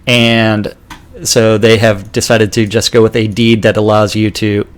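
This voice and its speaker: A man co-hosting a game news show in casual chat, wry and chatty, with halting restarts while going through the news. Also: lowish voice, level tone.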